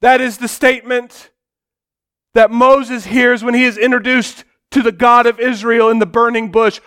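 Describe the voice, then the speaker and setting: High-voiced male preacher, dramatic. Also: little pitch movement, moderate pace, smooth. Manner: dramatic preaching, swinging from shouts to hushed low tones. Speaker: pastor. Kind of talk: sermon.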